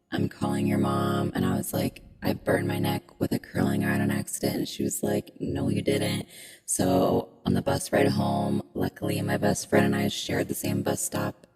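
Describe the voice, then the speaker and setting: A woman telling a casual story in a low, breathy, gravelly voice. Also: rough recording.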